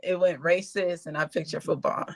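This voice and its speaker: A man's voice: a little high, steady tone, normal speed, vocal fry, fairly bright tone. A man on a podcast panel speaking bluntly and with lots of profanity. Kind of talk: casual chat.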